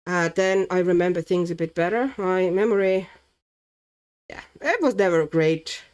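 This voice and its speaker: A woman hosting a relaxed livestream, chatting casually as she colours, reading out viewers' names and thinking aloud while she works. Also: lowish voice, moderate pace, clear, resonant tone. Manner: chatty, laughs often, reads chat names aloud; muses aloud while working. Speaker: livestream host.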